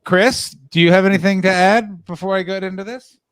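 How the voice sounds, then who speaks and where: A man's voice: high voice, fairly even intonation, a little fast, clear, resonant tone, dry recording. A man joining a casual stream chat, playful and teasing, laughing as he asks questions.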